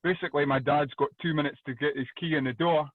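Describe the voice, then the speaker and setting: A Scottish man doing loud, energetic stand-up comedy over a video call, swearing freely. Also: a little high, fast, dry recording. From Scotland. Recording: dry tinny phone-like call audio.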